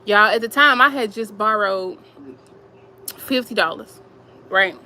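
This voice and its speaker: A woman's voice: mid-range voice, a little slow, pushed and bright, a little hiss or hum, poor audio. A woman vlogger, telling viewers about strangers asking her for help, emotional and rambling, repeating herself. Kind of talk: casual storytelling to viewers.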